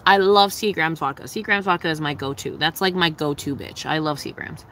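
A woman's voice: low voice, fairly quick, fairly bright tone, a little hiss or hum, low-quality recording. A young woman chatting casually on a livestream, answering her chat in a blunt, profane, giggly way.

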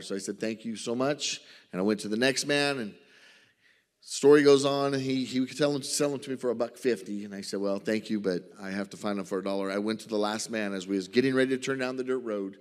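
A male missionary with a Southern US accent, telling a folksy story to a church and acting out the conversations. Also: on the low side. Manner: folksy storytelling, acts out dialogue. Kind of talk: church mission report with slides. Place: church sanctuary. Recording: reverberant church hall.

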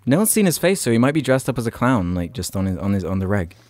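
A man's voice: fairly low pitch, sing-song, fast, a little mellow, no room sound, faint music behind. A man co-hosting a casual podcast, joking and teasing and swearing freely. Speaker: podcast co-host. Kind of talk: casual podcast chat over a call.

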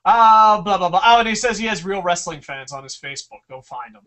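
A young man from New Jersey talks through a loose, swear-filled podcast chat. His pitch swings up and down as he rambles through stories. He sits a little back from the mic. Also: lively intonation, a little fast, bright, forceful tone, recorded from a distance. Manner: profane, rambling storyteller. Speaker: podcast co-host.

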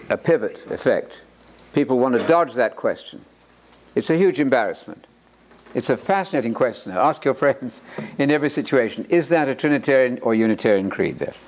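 Animated, joking male Bible lecturer. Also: medium pitch. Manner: animated and joking, repeats words for emphasis, quotes authors aloud. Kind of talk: lecture-style sermon.

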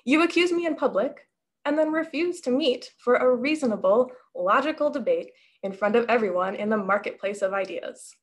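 A suspiciously polite little spider, smooth and reasonable-sounding, always a bit wounded and smug, as a woman reads him in a storybook tale. The voice sits a touch high. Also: moderate pace, lightly acted. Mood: politely indignant.

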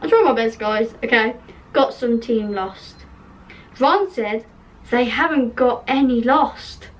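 A high-voiced young woman chats in a slow, unhurried way, giggling at herself as she reads. She sits a little back from the mic, so her voice sounds distant. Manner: giggly, self-mocking, laughs often at her spelling. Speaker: channel host reading an old dream book. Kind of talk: casual chat reading aloud.

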